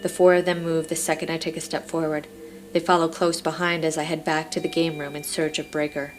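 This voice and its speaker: A woman narrates a first-person audiobook in a low, measured, dramatic voice. Faint music plays softly beneath her reading. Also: little pitch movement.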